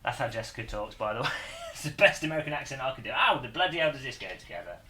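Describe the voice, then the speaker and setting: A man streaming live, rambling and bemused, laughing often as he chats. His voice is sharp and bright and swings widely in pitch, with a faint room hum behind him. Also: expressive, racing, reverberant. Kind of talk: casual live-stream chat.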